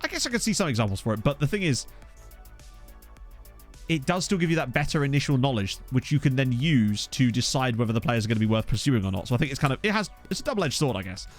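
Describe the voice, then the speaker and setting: Male gaming commentator with a lively, swooping delivery, chatty and self-mocking, soft music underneath. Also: medium pitch, fast talker. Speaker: gaming YouTuber. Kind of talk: casual let's-play commentary. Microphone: USB desk microphone.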